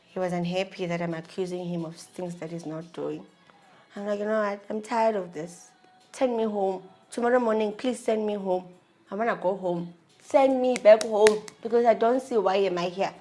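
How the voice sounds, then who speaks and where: A young woman with a South African accent, telling a personal story in an animated, laughing, slangy way. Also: medium pitch, moderate pace. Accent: South African English. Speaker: vlogger. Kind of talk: storytelling about her marriage.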